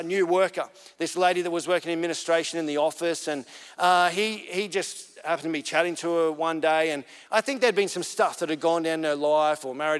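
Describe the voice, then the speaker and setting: Male pastor, higher voice, earnest chatty sermon delivery, long church-hall reverb. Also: clean tone. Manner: earnest, conversational storytelling that builds to emphatic points.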